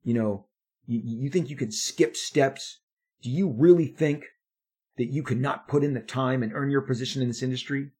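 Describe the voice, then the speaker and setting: A man voicing an angry male editor who berates and shouts, repeating himself. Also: mid-range voice, normal speed, slightly rough, lightly acted. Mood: furious. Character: angry screaming male comics editor, bullying.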